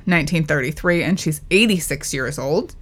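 Lively woman sharing sitcom trivia. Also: sits low, moderate pace. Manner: enthusiastic, chimes in with facts and fond recollections. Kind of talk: casual chat sharing trivia.

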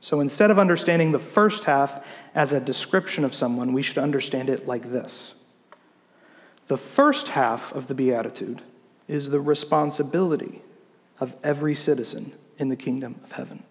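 A man, a pastor, preaching a sermon in an explanatory teaching manner, slowing down to read scripture. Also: mid-range voice, in a large hall.

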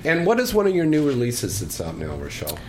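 A woman's voice: rumbling low, huge pitch swings, fast talker, a little mellow. A woman hosting a casual interview, playful and teasing as she asks questions. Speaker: host. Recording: noisy clicking background.

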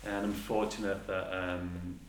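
A man with a lowish voice, hosting a podcast in easy, enthusiastic conversation. The room rings with echo, and a faint hum of background noise sits underneath. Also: level tone, unhurried. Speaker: podcast host. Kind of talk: casual conversation.

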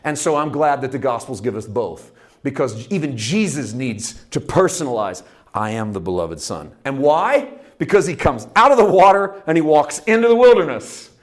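A man delivering a sermon in a voice pitched squarely in the middle. He preaches with passion, drawing out the words he wants to land and moving between quiet intimacy and ringing emphasis. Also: lively intonation. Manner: impassioned, swinging from hushed to loud; drawn-out emphatic phrases.

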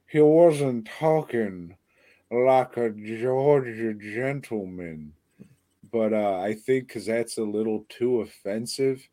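A man's voice: mid-range voice, slow pace, mellow, no room sound. A man co-hosting a podcast in casual chat, retelling a movie in a rambling, profanity-laced way. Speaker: podcast co-host.

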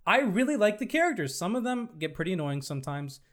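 A man chatting as a podcast guest, animated and casually swearing. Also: sits high, fast talker. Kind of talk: casual chat.

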